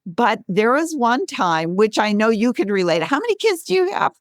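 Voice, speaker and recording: A woman in her sixties, a guest author and speaker, telling stories in an interview with lively, laughing delivery. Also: moderate pace, no echo, clean studio sound. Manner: animated, acts out quotes with bright pitch jumps, laughs often. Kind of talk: conversational storytelling.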